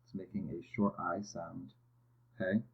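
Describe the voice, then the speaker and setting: Male teacher, low voice, walking students patiently through a phonics lesson; muffled, lo-fi recording. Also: little pitch movement, measured pace, creaky. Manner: patient, step-by-step, checks in with "okay". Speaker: reading teacher. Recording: dull lo-fi audio.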